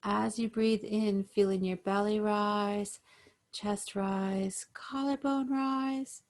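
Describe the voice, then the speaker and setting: Slow, gentle woman guiding yoga breathing. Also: medium pitch, fairly even intonation. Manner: slow, gentle, soothing guidance. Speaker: yoga instructor. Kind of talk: guided breathing instruction over video call.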